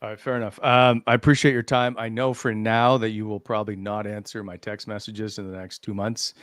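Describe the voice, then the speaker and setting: A man's voice: on the low side, level tone, a little fast, a bit bright, dry recording. A man hosting a casual post-game hockey show, asking easygoing questions and laughing along. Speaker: host, interviewer.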